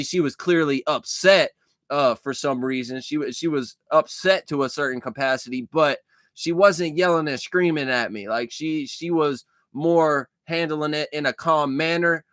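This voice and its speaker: A young man rambles through a personal story in loose, casual speech, swearing freely and circling back over his own words. His voice sits a little high for a man. The sound is dry and close, with no room around it. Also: a bit bright, no echo. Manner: loose, profane, repeats himself, restarts sentences. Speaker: vlogger recounting a dream.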